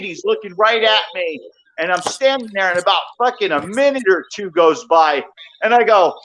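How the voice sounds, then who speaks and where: Worked-up high-voiced man on a lo-fi call. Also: moderate pace, slight background noise. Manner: profane, worked up, tells it with loud shouted quotes. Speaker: call-in guest. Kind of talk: casual chat, heated storytelling.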